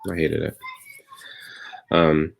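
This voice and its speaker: A man's voice: extremely low pitch, completely flat delivery, slow, vocal fry, slight background noise. A comedian telling a rambling personal story on a live stream from his bedroom at home, wry at moments and tender at others. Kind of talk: casual confessional monologue.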